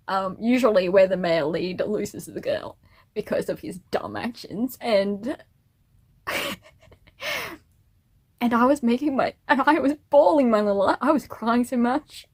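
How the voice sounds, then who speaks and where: A young woman chatting casually to camera in a vlog, rambling and laughing at herself, a little teary. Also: medium pitch. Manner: rambling, self-amused, giggly. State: teary and emotional. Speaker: vlogger.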